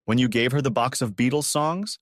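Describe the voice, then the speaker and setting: A man's voice: medium pitch, brisk, dry recording, studio quality, lightly acted. A man voicing a worried, indignant woman who urgently pleads with a friend to help, in a storybook audio reading. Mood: earnest.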